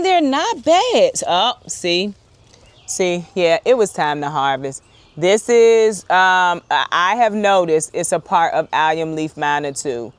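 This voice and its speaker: A woman chatting excitedly to viewers while harvesting in her outdoor garden, talking straight to the camera. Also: mid-range voice, no room sound. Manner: chatty and excitable, often addresses viewers as y'all. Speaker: urban homesteader, channel host. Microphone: wireless clip-on mic.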